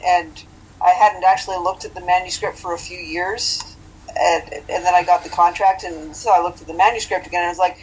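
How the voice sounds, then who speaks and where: A woman's voice: fairly low pitch, steady tone, fairly quick, a little hiss or hum, low-quality recording. A woman in her forties from British Columbia, a novelist guest in a casual interview, wry and self-deprecating, often laughing at herself. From British Columbia, Canada. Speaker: novelist and webcomic creator, guest.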